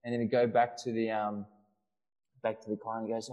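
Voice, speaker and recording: A man's voice: fairly low pitch, level tone, fairly quick, long pauses, warm tone, poor audio. Man telling a rambling story. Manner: rambling storyteller with frequent restarts and fillers. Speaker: podcast co-host. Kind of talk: casual chat.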